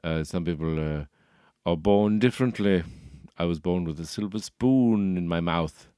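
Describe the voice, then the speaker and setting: A man plays a pompous upper-class Englishman who shows no emotion and speaks in a clipped, deadpan way. The voice is deep but lifted a little in pitch. The recording is close and dry. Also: moderate pace, smooth, no echo, natural voice.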